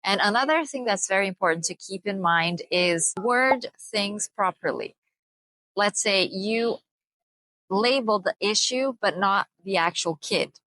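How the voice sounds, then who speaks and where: A young woman gives earnest parenting advice straight to the camera, explaining each point with care and slowing down to stress the key ones. Her voice is bright and clear, and it is recorded close and dry, with no room sound. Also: mid-range voice, no echo, poor audio. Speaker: parenting vlogger.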